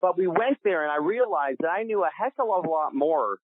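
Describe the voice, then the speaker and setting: A middle-aged man from Canada telling stories as a podcast guest, animated and casual, restarting sentences and swearing freely. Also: sits high, a little fast, no room sound. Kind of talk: storytelling interview. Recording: dry, tinny phone-like sound.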